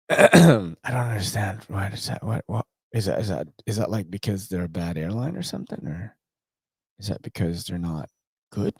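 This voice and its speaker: A man's voice: fairly low pitch, very animated, normal speed, gravelly, darkish tone, breathy edge, no echo, clean studio sound. A man vlogging about knives in a rambling casual chat, full of slang and frequent swearing. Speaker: knife vlogger.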